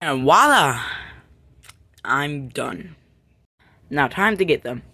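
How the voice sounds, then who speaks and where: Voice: mid-range voice, lively intonation, slow, vocal fry, pauses often, sharp tone, a little hiss or hum. A young performer casually narrating a homemade plush comedy skit, rambling and offhand. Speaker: plush video maker.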